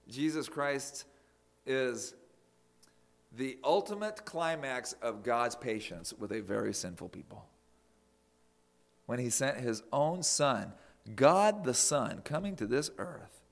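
A man preaching a sermon, emphatic, swinging from loud declarations to near whispers. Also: mid-range voice, animated, unhurried, creaky.

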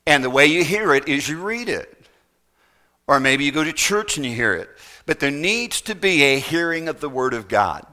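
A man's voice: on the high side, animated, moderate pace, pushed and bright. A middle-aged man preaching a sermon, pressing his point with repeated rhetorical questions. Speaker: pastor.

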